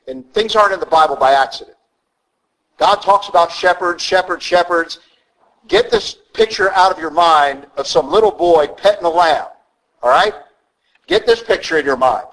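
Brief: a plain-spoken preacher, a touch high-voiced, driving his points home bluntly. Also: moderate pace, rough recording. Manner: blunt, conversational, emphatic. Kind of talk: sermon.

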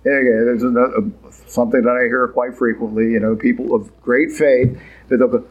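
A man's voice: medium pitch, fairly quick, breathy edge, low-quality recording. A man giving a sermon in a conversational, wry, emphatic way.

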